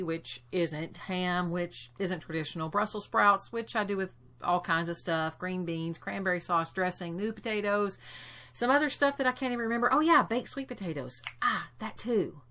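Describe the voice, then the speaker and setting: A woman's voice: on the low side, pushed and bright. Woman with wry voice-over narration. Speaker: vlogger.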